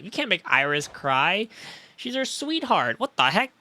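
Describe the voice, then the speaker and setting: Woman game streamer, excitable and profane, wildly lively pitch. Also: unhurried. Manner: excitable, swears often, reacts loudly. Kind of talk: live game stream commentary.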